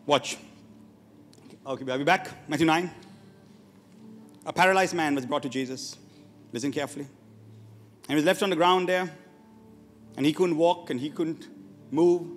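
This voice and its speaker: Male pastor, high voice, wide-swinging pitch, long church-hall reverb, faint music behind. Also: a bit bright. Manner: emphatic, asks the congregation questions. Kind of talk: sermon.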